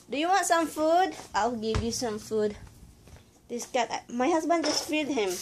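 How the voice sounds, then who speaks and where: A woman's voice: medium pitch, a little hiss or hum. A woman from the Philippines, chatting casually in a rambling, self-correcting way as she vlogs at home. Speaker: vlogger. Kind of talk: casual chat. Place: at home, indoors.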